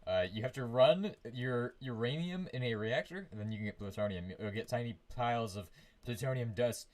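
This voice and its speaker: A man chatting his way through a live game stream from his room. He rambles, hums little tunes under his breath, and trips over his words as he goes, at an ordinary middle pitch. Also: brisk. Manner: rambling, hums to himself, frequent restarts. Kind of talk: casual live gameplay commentary.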